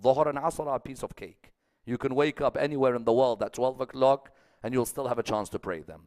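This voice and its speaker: A man's voice: mid-range voice, fairly even intonation, brisk, no echo, clean studio sound. A man giving a sermon, speaking emphatically, repeating phrases rhythmically and putting questions to his listeners. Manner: emphatic, rising to loud peaks then dropping soft. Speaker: speaker at a religious gathering.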